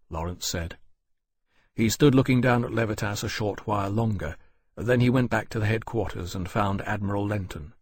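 Male audiobook narrator, measured and even; husky, lowish, dry booth sound. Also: no echo. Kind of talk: scripted narration.

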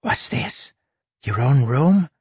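A man's voice: medium pitch, big pitch swings, slow, darkish tone, slightly rough, no echo, clean studio sound, voice pushed up, full character voice. A man voicing a small, cowardly talking rat who grumbles and whines. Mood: grumbling. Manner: whiny, grumbling.

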